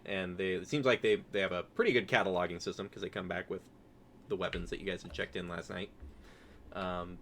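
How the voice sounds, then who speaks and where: A man narrating as game master for a tabletop game, halting and full of filler words. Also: on the low side, a bit bright, slight background noise. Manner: halting, full of ums and uhs, laughs often.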